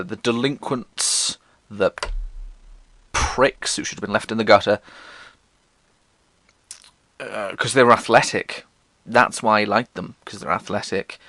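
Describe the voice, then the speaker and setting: A man's voice: on the low side, bright, forceful tone, no echo. A young man from England with a posh English accent, telling school stories in a sardonic, sweary, theatrical way. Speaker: vlogger. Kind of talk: casual storytelling monologue.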